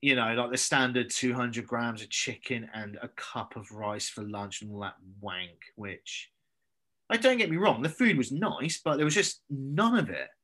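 A man from southern England, a podcast guest, telling stories in a blunt, sweary, animated way during a casual chat. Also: medium pitch, moderate pace. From Andover, southern England.

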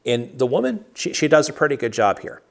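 A man's voice: mid-range voice, big pitch swings, brisk, creaky. A man leading a casual Bible study over a video call, talking conversationally with frequent restarts and fillers.

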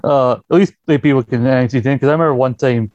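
A man's voice: mid-range voice, fast talker, a little mellow, no room sound. A man co-hosting a casual chat, rambling through anecdotes. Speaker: podcast co-host. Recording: slightly dull lo-fi sound.

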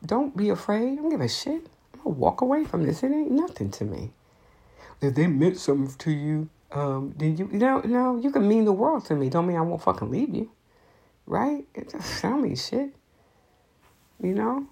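A woman's voice: mid-range voice, sing-song, moderate pace, gravelly, warm tone, husky. A woman giving blunt, profane advice in an unscripted monologue, speaking emphatically.

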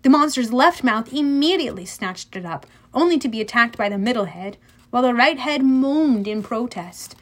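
A woman narrating a children's fantasy audiobook in the first person, lively and storytelling. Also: a little high, moderate pace.

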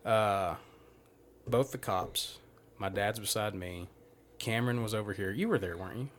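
A man's voice: fairly low pitch, normal speed, slight background noise. Profane man telling a story. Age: young adult. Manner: profane, rambling anecdote with quoted dialogue. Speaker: podcast host. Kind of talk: casual storytelling among friends.

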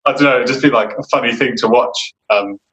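Animated man with a bright, roomy sound. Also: mid-range voice, fast talker, dull audio, a little hiss or hum. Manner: animated, laughs while telling stories. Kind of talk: casual chat. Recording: roomy echo.

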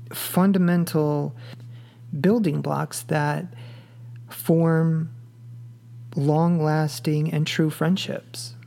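A man's voice: a little high, gravelly, dark tone. A man hosting his own podcast, delivering a blunt, profane solo rant full of fillers like "um" and "like". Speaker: podcast host. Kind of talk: casual solo podcast monologue. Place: the show is made in Dallas, Texas.

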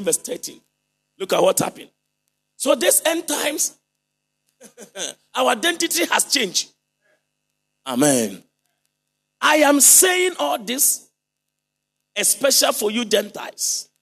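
A male preacher delivers a fervent sermon in a high, husky, gravelly voice that leaps and drops wildly, breaking into shouted and sung lines. His tone is bright and forceful. Faint music plays under him. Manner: fervent preaching, shouted and sung phrases, congregation call-and-response.

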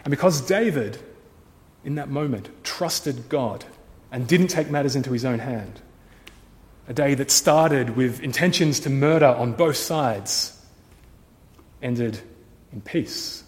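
A pastor telling a story in a sermon, dramatic, shifting from hushed to loud. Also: male voice, medium pitch, takes it slowly, long reverb tail.

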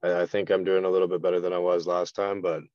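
A man's voice: sits low, little pitch movement, fast talker, a little mellow, no room sound, dull audio. A man from Canada, a contractor guest on a podcast, speaking in a hesitant, subdued way with many ums. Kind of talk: casual interview talk.

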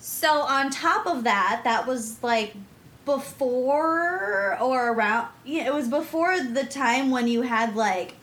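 A woman with a fairly high voice co-hosts a casual chat podcast. She explains her points loosely and drops in quick exclamations. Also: lively intonation, fairly bright tone. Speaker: podcast co-host.

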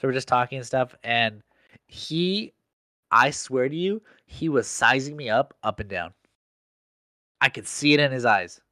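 A man's voice: mid-range voice, animated, unhurried, pushed and bright, dry recording, studio quality. A young man in casual chat, telling a work story in slangy speech full of "like". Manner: slangy storytelling, heavy use of "like".

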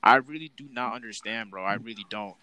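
A man's voice: on the low side, a little fast, bright, forceful tone, no echo, rough recording. A young man co-hosting a casual podcast, ranting in an exasperated, slang-heavy way about his coworkers. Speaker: podcast co-host.

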